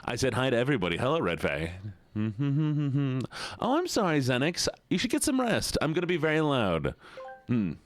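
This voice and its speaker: A man's voice: medium pitch, wildly swooping pitch, moderate pace, no echo. Guy streaming games, goofy put-on southern drawl, bouncy up and down voice, dry close sound. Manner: playful, chatty, laughing, repeats words; putting on a Southern drawl for a viewer redeem. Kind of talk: casual live-stream chat.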